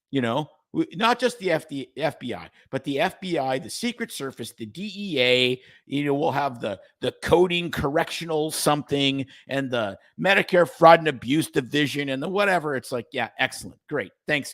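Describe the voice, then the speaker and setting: Ranting sarcastic man, very lively pitch. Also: no room sound, clean studio sound. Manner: ranting, sarcastic, swears freely. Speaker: podcast co-host. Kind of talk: casual chat over drinks.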